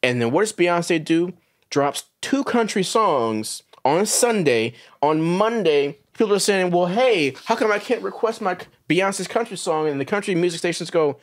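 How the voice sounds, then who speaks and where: Male co-host, lively pitch swings, slightly high, animated storyteller who mocks voices in quotes. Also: normal speed. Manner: animated storyteller, mocking voices when quoting people. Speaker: podcast co-host. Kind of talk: casual opinionated chat. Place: recording studio.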